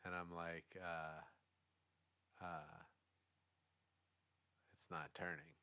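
Casting: casual male storyteller, lowish voice, loose and profane. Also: little pitch movement, drawn-out words, bright, forceful tone, clean tone. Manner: rambling, profane, acts out quotes.

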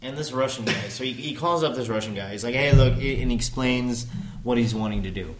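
Male co-host, mid-pitched, rambling storyteller, casual swearing. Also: fairly quick, background noise. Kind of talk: casual conversation, recounting a documentary.

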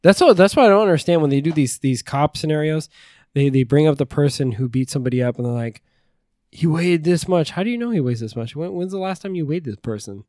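A man's voice: a little high, animated, quick pace, darkish tone, dry recording, clean studio sound. A man co-hosting a casual podcast chat, rambling and teasing with plenty of swearing. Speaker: podcast co-host.

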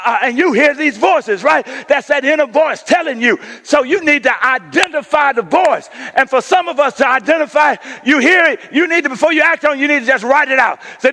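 A male pastor preaching a sermon in a call-and-response style that rises to shouting. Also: very high-pitched.

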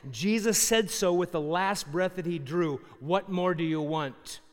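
A middle-aged man preaching with emphatic force, throwing rhetorical questions at his listeners. His voice sits a bit high for a man, and it rings with the long reverb of a large hall. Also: a little slow. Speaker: pastor. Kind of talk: sermon.

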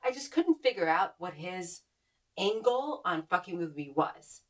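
A woman co-hosting a podcast from the US Northeast, telling stories in a blunt, profane, animated way. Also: fairly low pitch, a little slow, far from the mic. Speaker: podcast co-host. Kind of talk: casual chat.

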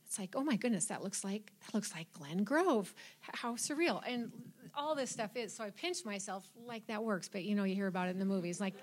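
A woman telling a personal story in a chatty, lively way, acting out her own thoughts. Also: medium pitch, brisk, slightly rough. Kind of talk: casual storytelling.

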